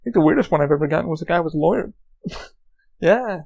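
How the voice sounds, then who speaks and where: A man's voice: fairly high pitch, animated, fast, vocal fry, a little mellow, muffled recording. A man hosting a podcast, telling rambling, profane anecdotes in a casual monologue. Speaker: podcast host.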